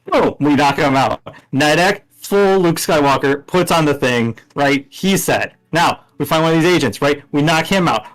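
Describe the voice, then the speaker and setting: A man's voice: fairly high pitch, normal speed, few pauses, fairly bright tone, poor audio. A man playing a tabletop game, animatedly laying out a plan and checking in with "right?" after nearly every step. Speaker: player.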